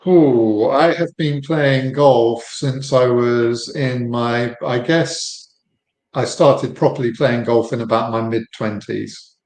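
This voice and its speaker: A man in his fifties from the United Kingdom with an English accent, a relaxed guest on a podcast interview over a video call. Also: medium pitch, slow pace, echoey room, low-quality recording. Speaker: guest, company founder. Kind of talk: casual interview chat.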